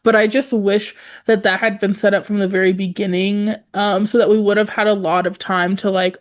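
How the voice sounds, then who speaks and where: A woman's voice: medium pitch, little pitch movement, a little fast, hardly any pauses. A young woman co-hosting a podcast, chatting casually about a book with lots of laughs and fillers. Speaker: podcast co-host.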